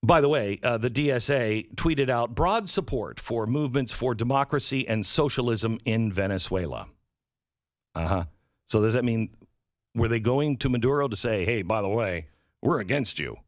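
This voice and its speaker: A man's voice: medium pitch, lively intonation, moderate pace, dry recording. A man hosting a political talk show, sarcastic and prone to acting out the voices he quotes, on a studio mic. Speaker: radio show host.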